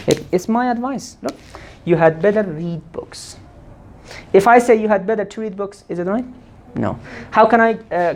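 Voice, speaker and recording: A woman teaching an English grammar lesson, quizzing the class and answering her own questions, repeating forms slowly. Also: fairly low pitch, a little mellow, slight background noise. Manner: asks the class questions and answers them herself.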